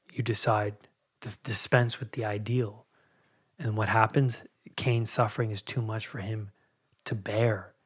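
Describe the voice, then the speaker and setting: Slow-talking guy musing alone on his podcast, keeps restarting his sentences. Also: lowish voice, breathy edge. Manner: reflective, halting, with many repeated words. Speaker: podcast host and anxiety coach. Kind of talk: solo podcast monologue.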